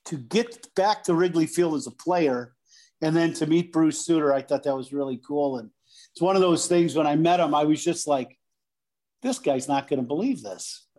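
A man's voice: a little high, moderate pace. Middle-aged man telling a baseball story. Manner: animated, acts out voices in anecdotes. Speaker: former pro baseball player, guest. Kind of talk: casual storytelling.

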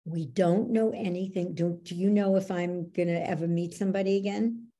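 A woman coach explaining how beliefs work, teaching through lively anecdotes and acting out what people said. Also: on the low side, moderate pace. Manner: animated storyteller, acts out quoted dialogue. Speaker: belief coach, podcast guest.

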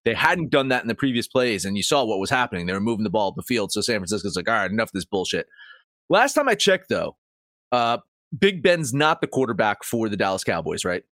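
A man's voice: fairly low pitch, sing-song, fast, fairly bright tone, no room sound, studio quality. A man co-hosting a sports podcast, ranting with heavy swearing and sarcasm. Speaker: podcast co-host. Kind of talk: casual sports talk.

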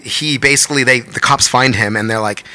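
A man tells a wild story in a quick, rushing patter with a very bright, forceful tone. His talk is animated and profane. He acts out other people's lines in loud, raised voices. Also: medium pitch. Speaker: podcast guest telling stories. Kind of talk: casual storytelling chat.

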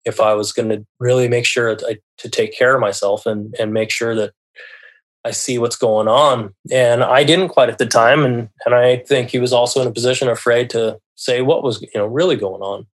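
A man telling a personal story as a podcast guest, speaking in a halting, earnest way and often restarting his phrases. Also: mid-range voice, fairly even intonation. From United States.

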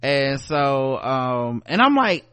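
A man's voice: medium pitch, very animated, slow, bright, forceful tone, smooth, dry recording. A man co-hosting a podcast, retelling a show episode in loose, profane, casual chat. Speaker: podcast co-host.

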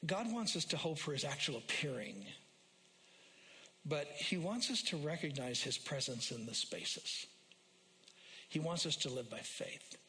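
A man preaching a sermon as a pastor, repeating phrases for emphasis and rising loud and high when he quotes scripture. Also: sing-song, a little slow, pauses often. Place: church sanctuary. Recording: long hall reverb.

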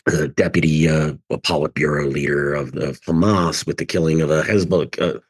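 A man hosting a podcast interview, talking through analysis with pauses as he thinks aloud. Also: extremely low pitch, fairly even intonation, husky. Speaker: podcast host. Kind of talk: conversational commentary.

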